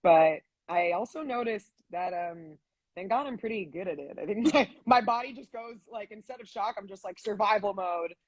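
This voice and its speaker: Husky, chatty young woman. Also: mid-range voice, moderate pace, no echo. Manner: animated, chatty storytelling with many fillers. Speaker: voice actress guest. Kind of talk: casual live-stream interview.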